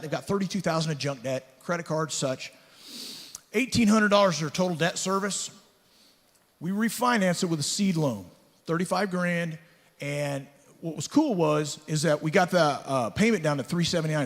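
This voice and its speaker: A man giving a sales talk at a conference, running through loan numbers and telling stories with acted-out dialogue. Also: on the high side. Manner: punchy storytelling, acts out dialogue. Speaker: conference speaker. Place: large conference hall. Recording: echoey hall reverb.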